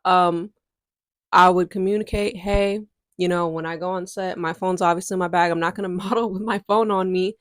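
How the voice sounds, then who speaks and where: A woman's voice: lowish voice, steady tone, fairly quick, dry recording, clean studio sound. A woman, chatting candidly to her viewers in a casual storytime vlog. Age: 20s. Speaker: content creator.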